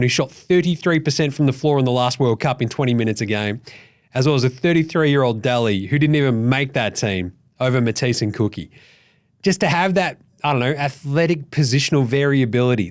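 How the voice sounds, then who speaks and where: An Australian man hosting a basketball show, ranting in a profane, animated and exasperated way. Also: medium pitch. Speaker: basketball podcast host. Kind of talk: ranting casual commentary.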